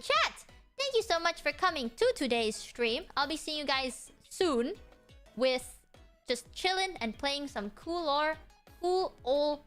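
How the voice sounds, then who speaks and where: High, lively woman streamer. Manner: playful, swears freely. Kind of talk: casual livestream chat.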